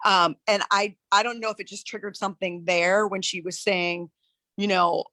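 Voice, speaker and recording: Earnest, halting woman on a coaching call. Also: mid-range voice, fairly even intonation, sharp tone, no echo. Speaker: coaching client.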